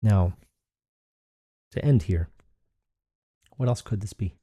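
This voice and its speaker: A man's voice: fairly low pitch, takes it slowly, warm tone, breathy edge, dry recording. A man hosting a solo podcast, rambling and thinking aloud with frequent restarts. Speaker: podcast host.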